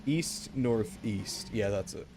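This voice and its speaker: A man's voice: fairly low pitch, slow pace, noisy background. A man streaming a game, rambling and joking back and forth with his chat. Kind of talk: casual gameplay commentary.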